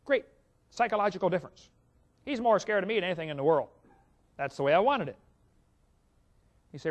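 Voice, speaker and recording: A man's voice: sits high, lively intonation, a little fast, long pauses. A male evangelist preaching to an audience, telling a folksy story and speaking to the listeners directly. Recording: dull lo-fi recording.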